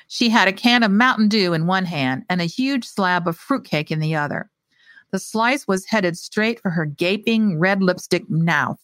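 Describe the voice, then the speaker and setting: Lively woman reading a story. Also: mid-range voice, moderate pace, dry recording. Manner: lively, expressive delivery. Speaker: author reading her story. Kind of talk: reading a short story aloud.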